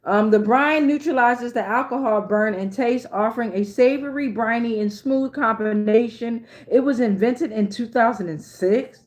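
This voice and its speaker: Woman, tarot reader, slightly high voice, chatty, swears freely. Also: normal speed, hardly any pauses. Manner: chatty, profane, keeps asking "right?". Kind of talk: casual reading to viewers.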